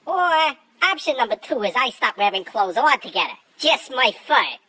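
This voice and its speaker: A man's voice: very high voice, sing-song, normal speed, husky, voice pushed up, exaggerated voice. A man voicing a furry male creature who complains about his morning routine in a jokey, exaggerated way. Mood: grumbling. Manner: exaggerated, jokey, sudden loud outbursts.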